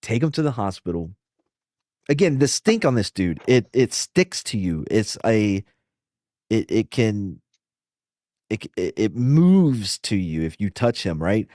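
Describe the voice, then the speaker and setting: A man casually telling profane, animated stories and acting out the quotes, as a podcast host. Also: fairly low pitch, unhurried, no echo, clean studio sound. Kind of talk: casual storytelling.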